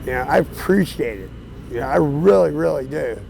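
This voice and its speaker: A man of around 60 telling his life story outdoors on a city street, plain-spoken and casual, with fillers and soft chuckles. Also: a little high, lively intonation, a little fast, creaky, slight background noise, low-quality recording. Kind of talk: candid storytelling.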